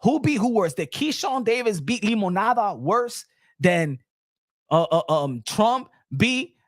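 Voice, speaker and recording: A man hosting a boxing livestream, rowdy and laughing, often shouting as he reacts to chat. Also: sits high, big pitch swings, unhurried, no echo, studio quality. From Dominican Republic family roots. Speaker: boxing channel host. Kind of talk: excited live commentary.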